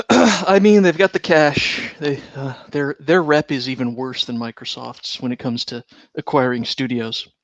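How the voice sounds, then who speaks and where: A man co-hosting a casual podcast chat, slightly hoarse, talking in a wry, sarcastic way. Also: medium pitch, fairly even intonation, unhurried, no room sound, muffled recording. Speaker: podcast co-host.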